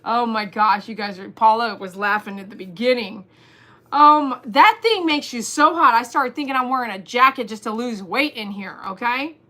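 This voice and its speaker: A woman hosting a casual livestream, chatting and reading viewers' comments aloud, animated and laughing often. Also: on the high side, normal speed. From Texas. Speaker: livestream host.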